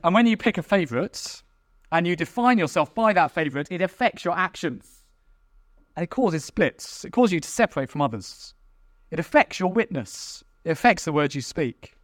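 Male preacher, high and very lively voice, dry close sound, animated sermon delivery. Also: moderate pace, no echo. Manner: animated, acts out quarrelling church members in mocking voices.

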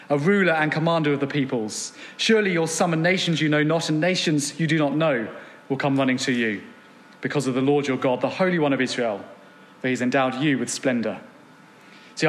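In a church gathering room, a man with a fairly high, slightly bright voice preaches an earnest evening sermon. He reads scripture aloud and poses rhetorical questions, and the recording carries a long hall reverb.

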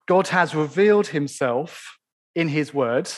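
A man preaching a sermon in church, stressing key phrases slowly and asking the congregation rhetorical questions. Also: fairly high pitch, expressive.

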